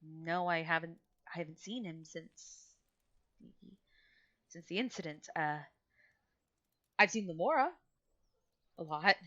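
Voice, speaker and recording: This is a male red tiefling, put on by a woman running the game. He is polite, awkward and hushed, restarting his sentences as he goes. His pitch sits a bit low and the recording sounds dull and lo-fi. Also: slow pace, long pauses. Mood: quiet concern. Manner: quiet, hesitant, stammering.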